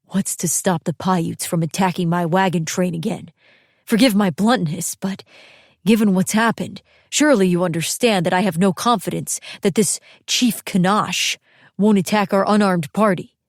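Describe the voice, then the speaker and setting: A woman's voice: medium pitch, normal speed, no echo, studio quality, natural voice. A woman voicing a solemn, guarded male wagon train captain in an audiobook, speaking in a grave, blunt, restrained way. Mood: solemn, wary. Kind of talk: audiobook character reading.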